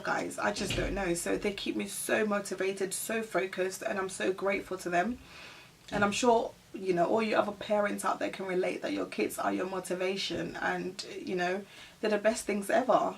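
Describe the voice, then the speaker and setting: A woman's voice: medium pitch, steady tone, normal speed, gravelly, recorded from a distance, a little hiss or hum. A woman in her thirties, a mother, chatting casually to her viewers in a Q&A tag video, laughing often. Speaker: vlogger.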